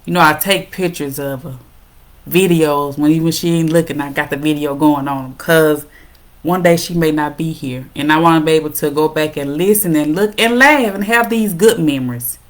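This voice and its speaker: A middle-aged woman hosting a parenting talk show, speaking casually and warmly to her viewers, calling them "y'all". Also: low-pitched, normal speed. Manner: warm encouraging, addresses viewers as "y'all".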